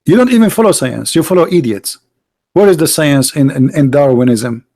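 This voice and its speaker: A man's voice: on the high side, animated, brisk, a little mellow. Emphatic, scornful man lecturing. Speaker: street debater. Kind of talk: argumentative monologue.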